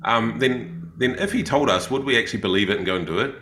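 A man's voice: medium pitch, lively intonation, fast talker, reverberant, a crowd in the background. A man with a New Zealand accent telling a story in a casual chat, rambling with many fillers and restarts. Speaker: podcast co-host, missionary.

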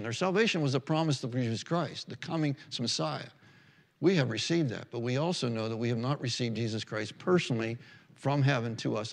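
Man pastor, mid-pitched, earnest sermon delivery with restarts; long hall reverb. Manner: earnest, restarts and self-corrections, reads scripture aloud.

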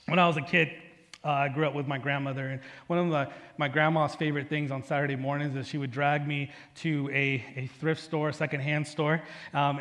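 A male pastor giving a sermon in a conversational, storytelling way, often checking in with the congregation with a quick "right?". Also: on the high side, a bit bright, long reverb tail. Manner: conversational preaching with personal stories and frequent "right?". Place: church sanctuary.

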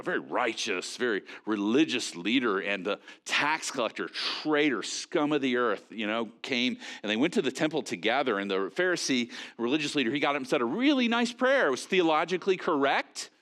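Conversational man preaching a sermon. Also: on the low side. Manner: conversational, animated, many "you know" fillers and restarts. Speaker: pastor.

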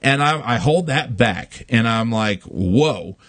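A man of middle pitch tells a story on a podcast, rambling with many fillers and casual swearing. His voice sounds dry and close. The talk is loose and conversational. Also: lively intonation, slow pace, a bit bright, no room sound. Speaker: podcast host. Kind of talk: casual chat.

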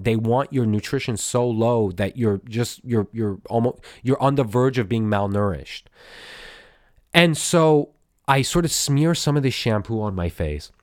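A man's voice: fairly low pitch, dry recording, clean studio sound. Profane rambling man on a podcast. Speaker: podcast host. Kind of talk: casual storytelling. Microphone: studio microphone.

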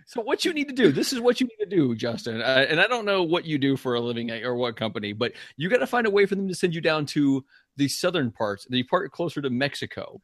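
Animated man with a dry close sound. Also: on the high side, fast, dry recording. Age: adult with school-age kids. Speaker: podcast co-host. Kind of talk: casual chat.

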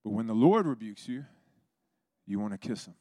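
Low-voiced man preaching a sermon. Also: expressive, moderate pace, mellow, no echo. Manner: storytelling, acts out quoted voices.

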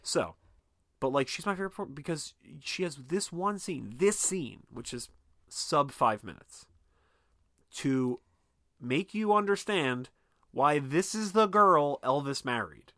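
A man's voice: a little high, lively intonation, measured pace, pushed and bright, dry recording, studio quality. A man co-hosting a podcast, talking casually and animatedly about a movie, swearing often and using lots of fillers. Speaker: podcast co-host. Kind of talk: casual film discussion.

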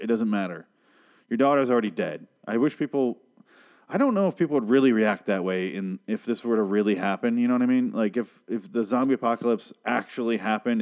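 A man with a fairly low voice talks through a show's episode on his own. He swears freely and drifts into sarcastic tangents. His delivery is loose and unscripted, like a casual podcast monologue. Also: a little mellow. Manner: profane, rambling, sarcastic. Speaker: podcast host recapping a TV show. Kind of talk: casual solo recap and rant.

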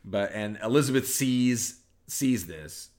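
A man's voice: mid-range voice, expressive, slow pace, darkish tone. A man co-hosting a podcast in casual chat, rambling and restarting his sentences as he retells scenes. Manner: rambling, restarts sentences, acts out movie lines. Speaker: podcast co-host.

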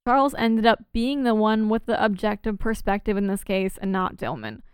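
Chatty woman with a smooth, dry voice. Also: medium pitch, normal speed, dry recording. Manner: chatty, laughs often, many fillers and restarts. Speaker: podcast co-host. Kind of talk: casual chat.

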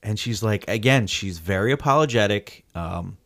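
A man co-hosting a podcast, telling a story in a casual, animated way and acting out the scene with lots of "like". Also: fairly low pitch, moderate pace.

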